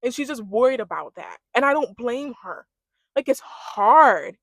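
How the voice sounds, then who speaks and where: Sassy high-voiced young woman ranting. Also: measured pace, creaky, no echo, clean studio sound. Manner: animated, sassy, mimics cast members. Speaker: reality show commentator. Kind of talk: casual ranting recap.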